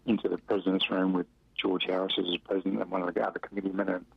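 A middle-aged Australian man tells loose, chuckling stories about his football days, leaning on fillers as he goes. His voice sits very low with a gravelly edge. The recording is muffled and dry, like an old radio interview. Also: little pitch movement, racing, no echo. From Western Australia. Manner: rambling, chuckling anecdotes with many fillers. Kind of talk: relaxed storytelling interview.

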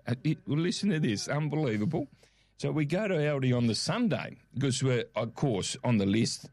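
A middle-aged Australian man in casual chat as co-host, telling stories with lively acted-out quotes. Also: medium pitch, moderate pace, no echo. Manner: animated storyteller, acts out quotes.

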